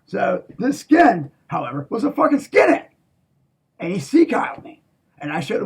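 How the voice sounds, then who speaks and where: Very raspy man, gravelly and profane. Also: high-pitched, very animated, moderate pace. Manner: profane, emphatic, swings from hushed to shouting. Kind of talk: rambling monologue.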